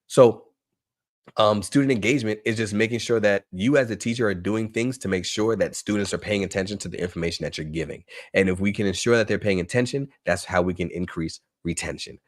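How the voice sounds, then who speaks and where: A man presenting a live online workshop for teachers, talking in an energetic, emphatic way and repeating phrases for effect. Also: fairly low pitch, brisk, dry recording, clean studio sound. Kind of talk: motivational live webinar talk.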